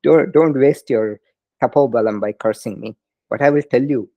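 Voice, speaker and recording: A man voicing a calm, patient divine male king who explains gently. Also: mid-range voice, normal speed, dry recording, highs cut off, close to an everyday voice. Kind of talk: storytelling in a lecture.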